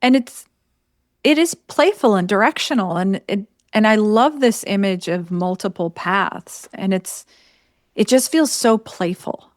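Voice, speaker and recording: A woman's voice: mid-range voice, animated, a little slow, no echo, studio quality. A woman co-hosting a reflective podcast conversation, thinking aloud in a contemplative way. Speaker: podcast co-host.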